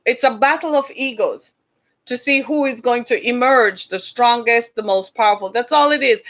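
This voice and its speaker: A woman's voice: fairly high pitch, moderate pace, a bit bright. A woman hosting an online show, talking earnestly to her viewers, with preachy repeated calls for them to listen. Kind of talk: impassioned livestream talk to viewers.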